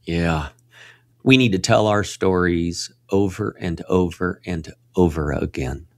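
Earnest, preacherly man, low voice. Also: unhurried, dry recording, clean studio sound. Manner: earnest, preacherly, rises to emphatic peaks when excited; restarts and repeats words often. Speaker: guest speaker on Christian faith. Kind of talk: conversational radio interview.

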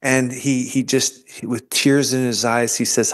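A man's voice: mid-range voice, level tone, normal speed, few pauses. A man in an interview, earnestly telling his personal faith story, often restarting and repeating words. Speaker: interview guest sharing his faith testimony.

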